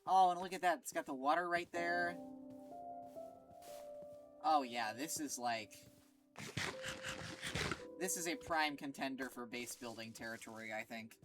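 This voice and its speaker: A woman streaming a game, reacting in an excitable, foul-mouthed way and laughing often. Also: very deep voice, a little slow, long pauses. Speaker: gaming streamer. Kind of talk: casual let's-play commentary. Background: game music.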